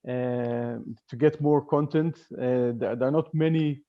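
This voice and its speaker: A man talks through a webinar panel discussion, stopping often to restart his sentences and fill the gaps. His voice sits at a middle pitch. The audio is dull and lo-fi, like a remote video call. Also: steady tone. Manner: halting, many fillers and restarts. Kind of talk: casual panel talk.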